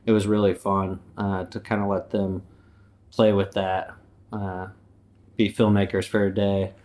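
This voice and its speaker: A man's voice: deep voice, flat delivery, measured pace, darkish tone. A man playing a boastful, swaggering personification of human error in a comedic interview. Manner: swaggering, boastful, laid-back. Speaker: company anti-mascot guest.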